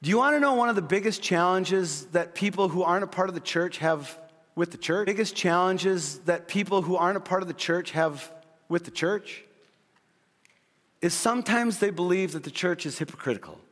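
A middle-aged male pastor with a high, light voice preaches in a big church hall, and his words ring out with a long reverb. He tells stories quickly and vividly, then sinks into soft, earnest appeals. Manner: storytelling, shifting from quick excited retelling to quiet earnest pleading. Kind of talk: sermon.

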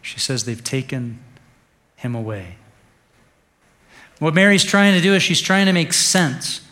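A male pastor preaching an Easter sermon in a conversational way, dropping to a hush and then rising to stress a point. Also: on the high side, animated, measured pace. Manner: conversational preaching, swings from hushed to emphatic.

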